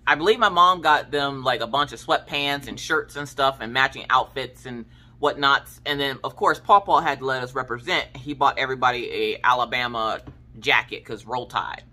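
In a very deep voice at a moderate pace, a craft channel host in her thirties chats casually through stories about her family. Her speech is animated and slangy, and she acts out her relatives' lines.

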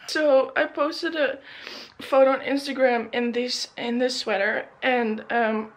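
A woman's voice: fairly high pitch, fairly even intonation, unhurried, slight background noise, poor audio. A young woman vlogging casually, gushing and close to tears with emotion. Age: young adult. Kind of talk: casual vlog unboxing.

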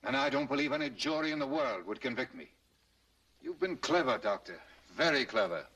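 An intense grieving husband. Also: male voice, medium pitch, lively intonation, brisk, slightly rough, poor audio. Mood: cold, threatening. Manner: quietly intense, pleading then threatening. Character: grieving wealthy husband confronting a baby-selling doctor. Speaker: film actor. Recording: old 1930s film soundtrack.

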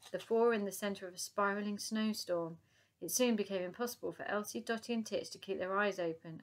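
A woman reads a children's story aloud, calm and even. Her voice sits at a middling pitch. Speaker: narrator. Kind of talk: reading a children's book aloud.

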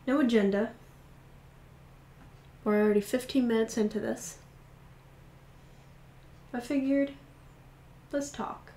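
A woman's voice: fairly high pitch, a little mellow. A young woman chatting casually and reflectively to camera, rambling with many fillers. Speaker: vlogger. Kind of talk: casual vlog chat. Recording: echoey room.

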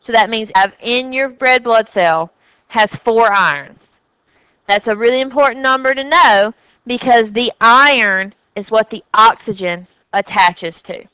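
A woman's voice: a little high, a little slow, pushed and bright, smooth, no room sound, poor audio. A woman with a Southern US accent giving an anatomy and physiology lecture, chatty and checking in with students with a frequent "okay?". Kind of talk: recorded classroom lecture.

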